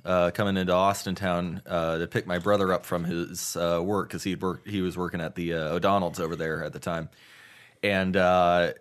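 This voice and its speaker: A man on a casual podcast, telling a story slowly with many fillers, restarts and curse words. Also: low-pitched, flat delivery, clean tone. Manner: halting storytelling full of fillers and swearing. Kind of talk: casual chat.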